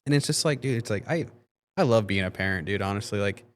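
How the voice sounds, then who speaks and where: A man's voice: lowish voice, animated, quick pace, a little hiss or hum. A man talking as a guest on a podcast, rambling casually with lots of fillers and frequent swearing. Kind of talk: casual conversation.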